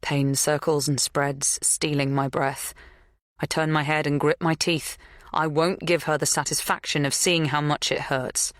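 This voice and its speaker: A woman reading a first-person suspense audiobook in a tense, measured way. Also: sits low, level tone, no room sound, studio quality. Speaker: audiobook narrator. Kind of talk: first-person thriller narration.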